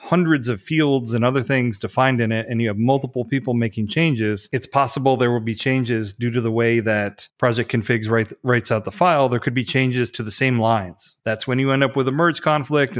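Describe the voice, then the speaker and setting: A man hosting a tech podcast, chatting enthusiastically and explaining things patiently. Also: mid-range voice. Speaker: podcast host. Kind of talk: casual technical podcast chat.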